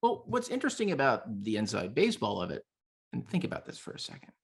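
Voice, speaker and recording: A man guest commentator on a podcast, arguing in an emphatic, animated way. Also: mid-range voice, fast talker, vocal fry, husky. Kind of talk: casual chat.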